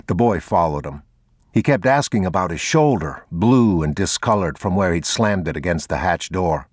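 A male narrator reading a novel aloud with a very deep, low voice and a measured, even pace. The recording is close and completely dry, with no room sound around it. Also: slightly rough, no echo. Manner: measured, unhurried, even delivery. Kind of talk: scripted audiobook narration.

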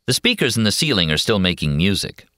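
Male audiobook narrator, very low voice, bright tone, dry close sound. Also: very animated, fast talker, no room sound. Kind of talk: first-person novel narration.

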